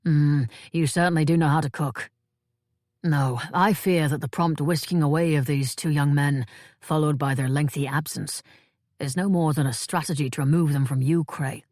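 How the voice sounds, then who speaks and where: A woman voicing a wise, calm male monk in an audiobook, speaking in a measured, solemn way. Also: low voice, no echo, clean studio sound. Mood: grave. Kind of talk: audiobook character voice.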